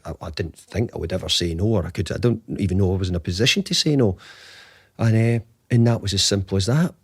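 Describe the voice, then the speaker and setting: Guy in his 50s, real low voice, chatty storyteller, dry sound. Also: no echo. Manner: animated anecdotes, acts out quoted dialogue, frequent restarts. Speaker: guest, football manager. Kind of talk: conversational storytelling.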